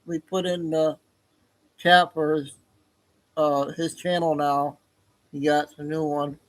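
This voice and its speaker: Slow, high-voiced rambling stream host. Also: male voice, level tone, poor audio. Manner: rambling, hesitant. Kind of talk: casual live-stream chat.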